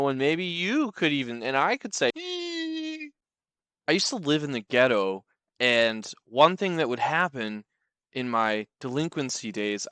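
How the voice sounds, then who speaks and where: A man's voice: medium pitch, sharp tone, clear, resonant tone, dry recording. A young man telling funny true stories, wry, rambling and playful. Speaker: comedic storyteller. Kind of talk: comedic storytelling.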